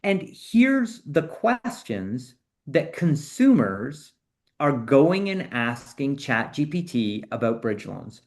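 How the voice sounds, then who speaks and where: A man guest on a podcast interview, explaining his work in an animated way that speeds up and slows down to stress points. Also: mid-range voice. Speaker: AI consultant guest.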